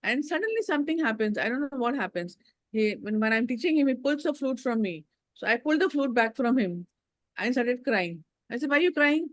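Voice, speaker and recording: An older woman tells family stories in a casual chat. Her voice sits fairly high. She talks animatedly and laughs often as she acts out the people she quotes, and the sound is close and dry. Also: expressive, brisk, no room sound. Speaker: guest.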